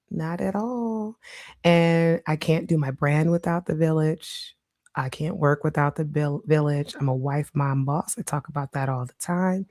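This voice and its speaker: A middle-aged woman hosts her own podcast in a relaxed solo chat, laughing often as she goes. Her voice sits low and mellow. The recording is dry and close, with no room sound. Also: no room sound. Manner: warm, chatty, laughs often. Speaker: podcast host. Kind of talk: casual solo podcast monologue.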